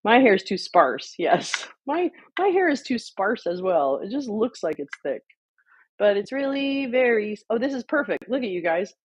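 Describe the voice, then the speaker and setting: A woman's voice: mid-range voice, sing-song, moderate pace, husky. A woman hosting a casual live stream, chatting playfully with her viewers and calling them darlings. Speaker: livestream host.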